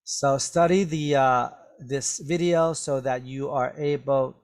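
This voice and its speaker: A man teaching an English vocabulary lesson, explaining words slowly and checking in with "okay?" after almost every phrase. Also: mid-range voice. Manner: repetitive, drawn-out explanations with many "okay?" checks. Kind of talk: slow classroom vocabulary lesson.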